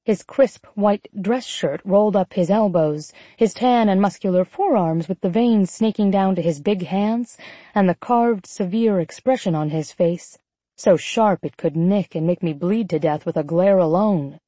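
A woman narrating a first-person romance audiobook in an expressive, sardonic inner voice, also voicing the heroine's lines. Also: mid-range voice, measured pace, dry recording.

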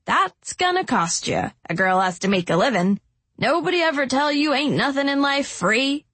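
A woman's voice: mid-range voice, sing-song, fairly bright tone, no echo. Woman doing a drawling, scheming homeless street woman. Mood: wheedling. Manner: slow, drawling, chiding bargainer. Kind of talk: audiobook narration.

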